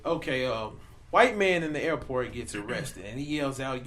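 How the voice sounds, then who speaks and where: A man's voice: medium pitch, expressive, normal speed, fairly bright tone. Slangy man hosting a podcast. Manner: loose, slangy storytelling with asides. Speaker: podcast host. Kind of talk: casual chat.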